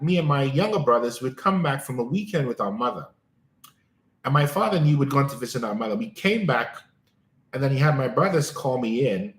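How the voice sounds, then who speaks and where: A man's voice: mid-range voice, reverberant. A man hosting a live coaching stream, talking emphatically to listeners and repeating his key phrases.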